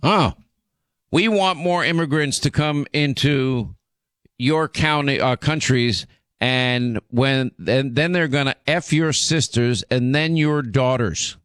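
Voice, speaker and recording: A man's voice: medium pitch, slow pace, fairly bright tone, clear, resonant tone, no room sound. A man hosting a radio and podcast show, talking in an indignant, emphatic way with many restarts. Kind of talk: talk radio commentary. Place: radio studio.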